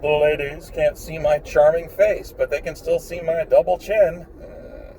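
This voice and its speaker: A man with a mellow, dark voice rambles bluntly and swears freely while driving. He sounds a little far from the mic inside his car, and a faint engine hum runs underneath. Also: a little high, steady tone, unhurried. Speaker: vlogger.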